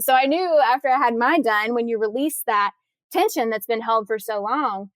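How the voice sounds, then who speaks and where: This woman speaks with a fairly high voice and plenty of enthusiasm. She explains as a guest on a podcast, restarting sentences as she goes. The sound is dry and close. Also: moderate pace, no echo. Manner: enthusiastic, animated storytelling with many restarts. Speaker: guest, corrective exercise trainer. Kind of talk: casual podcast interview.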